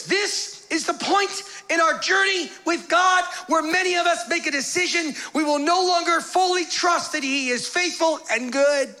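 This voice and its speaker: A man with an unusually high, bright voice preaches a sermon. He talks in a lively, conversational way, dropping playful asides between readings of scripture. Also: normal speed, hardly any pauses. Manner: reads scripture aloud, voicing the quoted figures. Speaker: pastor.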